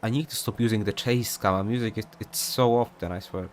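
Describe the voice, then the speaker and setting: A man's voice: fairly low pitch, fairly even intonation, brisk, slight background noise. A young man commentating an online sim race in a casual, rambling way, with many fillers and off-topic asides.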